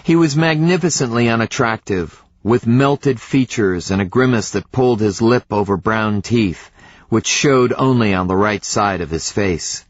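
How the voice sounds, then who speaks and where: A man narrating an audiobook in the first person, with a measured, reflective reading. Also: lowish voice, dry recording. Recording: slightly dull, dry studio recording.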